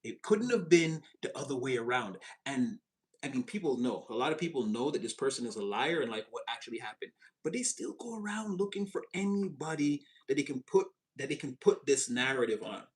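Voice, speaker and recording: A man giving a casual, animated tarot reading, chatty and expressive and quick to laugh. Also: mid-range voice. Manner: animated, chatty, swings into voices, laughs often. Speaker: tarot reader.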